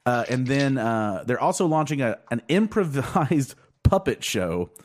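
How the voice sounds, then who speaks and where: A man's voice: measured pace, slight background noise. A man hosting a casual podcast with friends, his voice rising and falling a lot as he talks. He rambles through stories, fills them with swearing and restarts, and stays loose and chatty. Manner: rambling, swearing, lively pitch. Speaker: podcast host.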